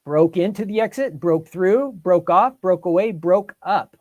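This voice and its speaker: A livestream host thinks aloud through word quiz questions and asks viewers for their answers in casual live chat. His high-pitched voice moves at a measured pace, darkish in tone, with the highs cut off.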